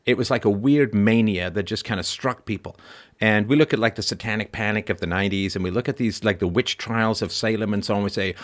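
Animated, chatty male podcast host. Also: fairly low pitch, fairly quick. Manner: animated, laughs often, wordy asides. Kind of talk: conversational interview.

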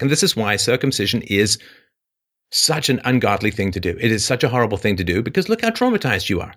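A male call-in show host debates a caller, talking fast in a sing-song way. He lectures forcefully, cuts in, and jumps up in pitch to stress his points.

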